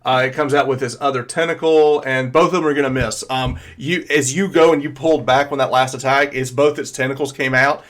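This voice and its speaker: A man narrating as game master of a tabletop game, pausing often with fillers as he describes the action. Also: mid-range voice, fairly even intonation, fairly bright tone. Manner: hesitant, filler-heavy narration.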